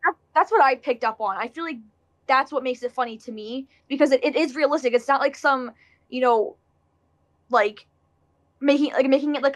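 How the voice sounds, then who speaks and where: Woman talking a movie over with friends, kinda high voice, acts out reactions. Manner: chatty, acts out reactions, frequent fillers. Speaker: podcast co-host. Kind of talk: casual movie discussion.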